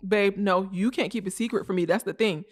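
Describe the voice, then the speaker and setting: A young woman co-hosting a casual podcast with her partner, animated and teasing, with a Black way of talking. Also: mid-range voice. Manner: animated, teasing, quick bursts of loud emphasis. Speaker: podcast co-host. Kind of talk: casual couple chat.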